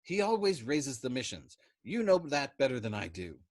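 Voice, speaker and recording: A man's voice: mid-range voice, big pitch swings, normal speed, pitched above the performer's own voice. A man voicing a frightened young male bomber pilot who pleads with an intense, urgent manner. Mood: pleading.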